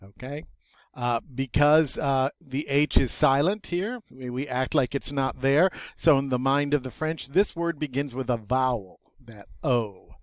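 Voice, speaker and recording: A man's voice: mid-range voice, measured pace, no echo. A man teaching a recorded vocabulary lesson in a chatty, self-amused way, spelling out pronunciation for students. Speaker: French teacher.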